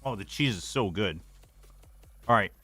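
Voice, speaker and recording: A man's voice: lowish voice, animated, moderate pace, a bit bright, breathy edge, no room sound. A man hosting a casual livestream watch party, chatting to his viewers while he cooks. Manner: chatty, talks to chat while cooking. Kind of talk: casual livestream chat while making food. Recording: music playing underneath.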